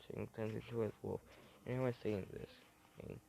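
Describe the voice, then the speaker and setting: A man narrating an improvised fan-fiction story, halting and making it up as he goes. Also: lowish voice, fairly even intonation, gravelly, mellow.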